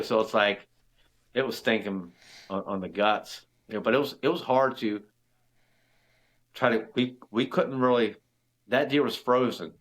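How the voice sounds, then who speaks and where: A man with a fairly low voice tells a hunting story as a podcast guest. He rambles, loads his talk with fillers and throws in the odd curse. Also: fairly bright tone. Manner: rambling, full of fillers and swearing. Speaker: hunter and father. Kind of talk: casual storytelling.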